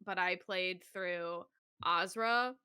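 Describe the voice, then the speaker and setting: A young adult woman co-hosting a casual podcast chat, animated and quick to laugh, swearing freely as she tells stories. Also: fairly low pitch, clear, resonant tone, no echo, studio quality. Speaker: podcast co-host.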